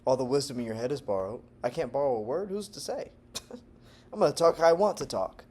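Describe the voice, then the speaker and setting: A man from Texas talking to camera in a casual vlog monologue, animated and digressive, jumping between loud bursts and low murmurs and laughing often. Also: brisk. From Texas, United States. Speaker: language-learning vlogger.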